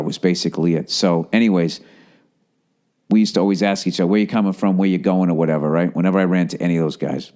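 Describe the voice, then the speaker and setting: A man's voice: fairly even intonation, quick pace. Profane storytelling man, Boston accent. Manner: profane, storytelling, swings from low mumbling to loud. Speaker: podcast host. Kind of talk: casual rambling monologue.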